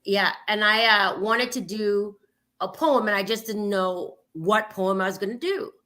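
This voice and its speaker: A woman guest poet who recites her poem in a dramatic spoken-word style with big swings in loudness, then chats loosely with plenty of fillers. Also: mid-range voice, fairly even intonation, measured pace. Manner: chatty, loose and full of fillers when talking. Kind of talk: spoken-word poetry and casual chat.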